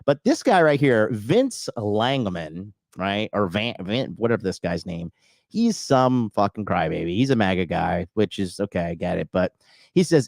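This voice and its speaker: A man's voice: big pitch swings, moderate pace, vocal fry, darkish tone, no echo. A young adult man hosting a solo podcast, ranting in a crude, profane, mocking way with lots of filler. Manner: mocks critics in a high whiny put-on voice. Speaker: podcast host.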